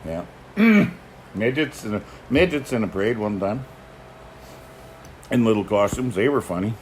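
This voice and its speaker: An older man, hosting a casual chat and telling folksy stories about horses, often chuckling and clearing his throat. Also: on the low side, animated, measured pace, slight background noise. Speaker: host, horse teamster. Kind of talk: casual chat answering viewer questions.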